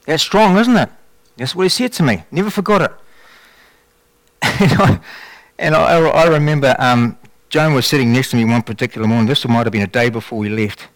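A man shares a testimony from the pulpit, telling his story with animated energy and many restarts. His voice sits in a middle pitch, and the sound is dry and close. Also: brisk, long pauses, dry recording. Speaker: lay preacher giving testimony. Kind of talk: sermon testimony.

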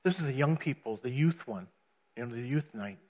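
A man's voice: medium pitch, animated, a little fast, darkish tone. A man giving a personal church testimony, telling his story earnestly with restarts and laughs.

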